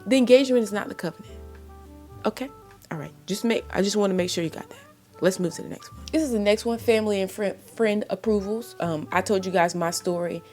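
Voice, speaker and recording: A woman's voice: medium pitch, fast, a little mellow, faint music behind. A woman giving faith-based relationship advice in a blunt, impassioned monologue, full of exasperated rhetorical questions.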